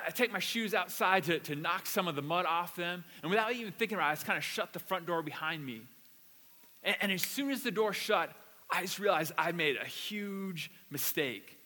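A pastor with a high-sitting, bright, forceful voice preaches a conversational sermon featuring a personal story. He tells stories casually and animatedly, repeating words as he goes, and a long reverb tail follows his voice.

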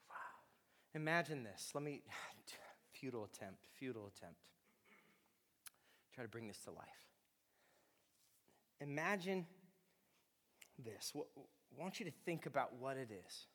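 A man's voice: sits high, fairly bright tone. A man preaching a sermon as a pastor, speaking with impassioned emphasis. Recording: long reverb of a large hall.

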